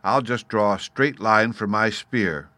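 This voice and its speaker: A patient caveman father explains things slowly and with a playful tease, as a man reading aloud puts him on. His voice is bright and crisp, close and dry, much like the reader's own. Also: on the low side, no room sound. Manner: patient, teasing, explaining step by step.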